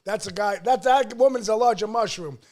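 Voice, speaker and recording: Middle-aged man, high-pitched, brash, cursing storyteller. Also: fairly quick. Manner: loud, profane, acts out quotes with shouting. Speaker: pizzeria owner, podcast guest. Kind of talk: casual storytelling.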